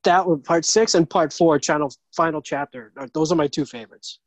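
Chatty host, dry sound. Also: male voice, fairly high pitch, brisk, no echo, poor audio. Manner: friendly, chatty, often laughing. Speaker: podcast host. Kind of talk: casual chat over video call. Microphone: video call.

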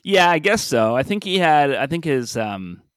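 In a clean, dry studio recording, a male podcast co-host speaks at a moderate pace with a fairly bright voice on the high side and big swings in pitch. The chat is casual, and he jokes and laughs often.

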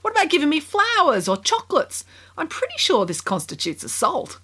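Brief: a no-nonsense young princess, blunt and exasperated, with a raised, lively voice, read by a woman. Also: high voice, fairly quick, pitched above the performer's own voice, exaggerated voice.

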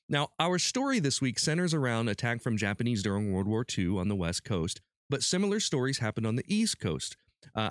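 A man's voice: medium pitch, dry recording, clean studio sound. A man hosting a podcast, playfully reading out quiz questions and prizes to his guests. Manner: playful quizmaster, reads questions slowly. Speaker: podcast host running a quiz. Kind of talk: casual podcast chat.

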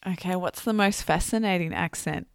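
A woman hosting an interview, telling stories in a casual, animated way. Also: on the low side, moderate pace, vocal fry, clean tone, no echo, studio quality. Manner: animated, laughing storyteller.

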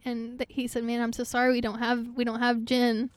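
A woman's voice: on the high side, completely flat delivery, fairly quick, no echo. A young woman from Oklahoma, a singer-songwriter guest, telling stories in a casual podcast chat, chatty with lots of fillers. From Oklahoma, USA. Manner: chatty, laughs often, many fillers.

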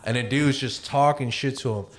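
A man's voice: mid-range voice, moderate pace. Man telling a rowdy story, swearing freely. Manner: animated, swears freely, acts out quoted voices. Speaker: podcast host. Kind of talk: casual storytelling.

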